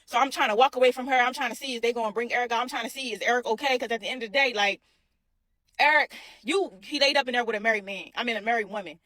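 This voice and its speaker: Young woman, storytime, rapid, higher-pitched, animated, repetitive, dry close sound. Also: no room sound. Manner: animated, repeats herself, addresses viewers as y'all. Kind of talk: casual storytime.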